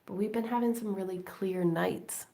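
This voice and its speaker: A woman's voice: mid-range voice, moderate pace, gravelly, dark tone. A woman hosting a late-night crafting live stream from home, rambling and chatty and laughing often. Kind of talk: late-night casual chat while crafting. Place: at home indoors.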